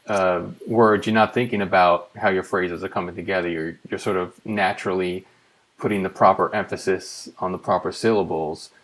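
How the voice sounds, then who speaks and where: A man hosting a casual songwriting talk, explaining points in a measured way. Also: sits low, low-quality recording. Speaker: host. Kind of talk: casual conversational advice.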